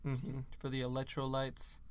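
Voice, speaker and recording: A young man with a smooth, clear voice chatting casually on a podcast, joking and swearing as he talks. His voice is a little worn from a night of screaming at a concert. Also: mid-range voice, monotone, moderate pace, no room sound. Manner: joking, profane, laughs often. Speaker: podcast co-host. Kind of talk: casual chat.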